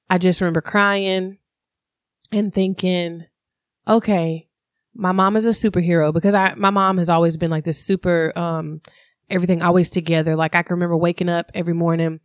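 A woman in casual conversation, candidly telling a personal story in an animated way. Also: lowish voice, moderate pace, dry recording, studio quality. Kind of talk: casual chat.

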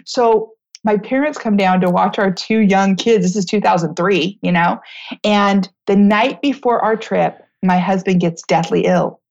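An American woman who founded a charity, telling her story to a host in a lively, chatty way, acting out the voices of the people in it and using many "like"s. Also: medium pitch, a little slow, vocal fry, muffled recording. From United States. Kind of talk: animated storytelling in a talk interview.

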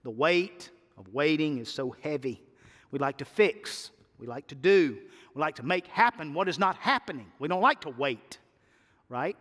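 A man's voice: a little high, animated, normal speed, fairly bright tone, big-room sound. A middle-aged man preaching a sermon as pastor, with repetition and swelling emphasis.

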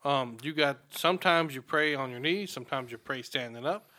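A man's voice: mid-range voice, normal speed, bright, forceful tone. A man from Alabama, a podcast host, rambling through a self-mocking story in casual chat.

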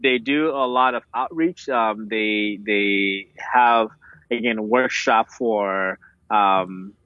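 Animated young man with Ghanaian accent. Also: lowish voice, takes it slowly, no echo. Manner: animated storyteller, many fillers. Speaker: guest. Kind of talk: casual interview chat. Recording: dull lo-fi dry sound.

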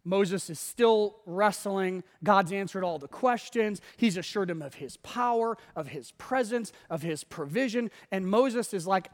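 A man's voice: high-pitched, unhurried, few pauses. A man preaching a sermon as pastor, telling the story with animation and acting out the quotes. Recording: long reverb of a large hall.

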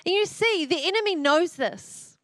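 A middle-aged woman with a high voice preaches a sermon, moving into lively storytelling about her family. The recording is close and dry, with no room sound. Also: normal speed, no echo.

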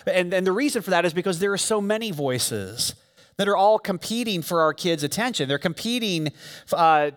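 A man's voice: a little high, fairly bright tone, clear, resonant tone. A man preaching a sermon to a church congregation, speaking conversationally and telling stories with frequent fillers. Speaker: pastor. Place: church sanctuary. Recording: long reverb of a large hall.

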